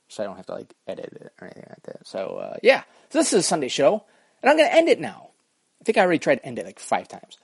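A man's voice: on the high side, gravelly, husky, no room sound. A man hosting his own podcast, rambling through a profane, self-mocking solo rant. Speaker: podcast host.

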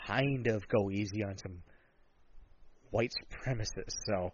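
A man's voice: on the low side, unhurried, husky, no echo. A man co-hosting a podcast in casual chat, talking bluntly and sarcastically in long rambling turns. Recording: dull lo-fi sound.

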